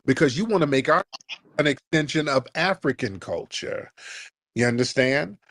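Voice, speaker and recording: Host, male, mid-pitched, mocking and heated, dry studio sound. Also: lively intonation, normal speed, fairly bright tone, no echo. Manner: mocking, ranting. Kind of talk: heated call-in debate.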